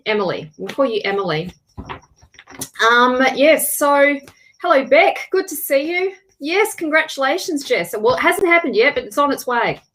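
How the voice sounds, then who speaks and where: A chatty woman in her thirties hosts a tarot livestream, greeting viewers one by one in a fairly high voice. She restarts her sentences often, and she drifts off the mic now and then. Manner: chatty, warm greetings, frequent restarts and laughs. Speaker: tarot reader hosting a livestream.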